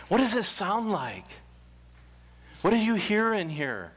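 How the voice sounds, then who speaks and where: A male pastor preaching a sermon, reading scripture slowly with deliberate pauses into a church microphone. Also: sits high, big pitch swings, a bit bright.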